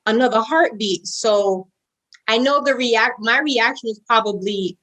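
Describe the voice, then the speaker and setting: A woman's voice: measured pace, rough recording. A young woman telling a personal story as a podcast guest. She talks casually, with plenty of fillers. When she acts out what others said, her voice jumps way up. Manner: animated storyteller, acts out quoted voices with big pitch jumps; casual, says "like" and "girl" often. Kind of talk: storytelling interview.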